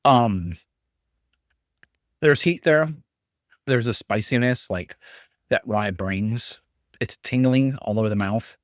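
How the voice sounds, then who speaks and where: A man's voice: mid-range voice, takes it slowly, long pauses, dry recording, studio quality. A man hosting a podcast, talking casually and rambling with chuckles and fillers while tasting whiskey. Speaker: podcast host.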